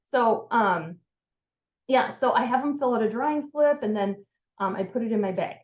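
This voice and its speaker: A woman's voice: a little high, normal speed, reverberant, highs cut off. A woman giving a casual, upbeat how-to talk on sales and networking, full of filler words. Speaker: sales trainer.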